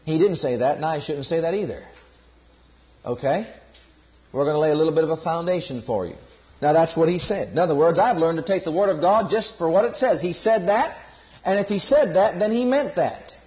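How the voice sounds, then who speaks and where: A man preaching with a notably high voice, pressing his points hard and repeating key phrases for the congregation to echo back. The recording is dull and lo-fi, with the top end muffled. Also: expressive, a little fast. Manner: emphatic, repeats key phrases, leads congregation call-and-response. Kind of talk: sermon.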